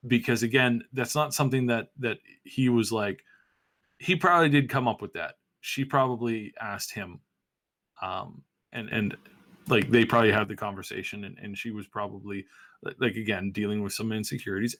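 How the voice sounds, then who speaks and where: A man hosting a podcast, talking in a rambling, animated way with frequent restarts and fillers. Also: mid-range voice, moderate pace. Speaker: podcast host. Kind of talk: casual podcast commentary.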